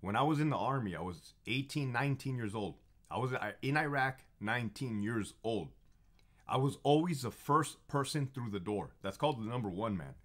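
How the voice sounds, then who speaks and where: A former prison officer in his thirties tells stories in a casual, profane monologue, his mid-range voice animated and his speed normal. He is emphatic, repeats phrases for effect, and grows heated and confrontational.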